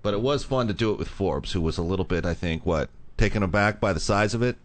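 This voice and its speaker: A man hosting a radio talk show in casual chat, rambling and interrupting himself as he goes. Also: low voice. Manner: fast, rambling, self-interrupting.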